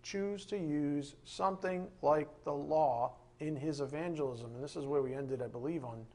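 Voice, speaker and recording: A man's voice: on the high side, moderate pace, mellow. A man preaching a sermon in an emphatic style, firing off rhetorical questions.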